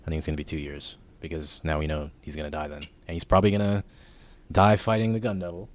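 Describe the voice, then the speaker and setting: A man's voice: rumbling low, level tone, quick pace, fairly bright tone. A man hosting an anime discussion channel, chatting casually and explaining things in a laid-back way. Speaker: channel host.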